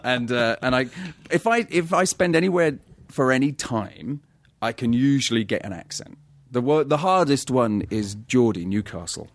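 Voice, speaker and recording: A man telling lively anecdotes in casual chat as a guest actor, often laughing as he talks. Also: medium pitch, normal speed, no room sound. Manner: animated, laughing storyteller.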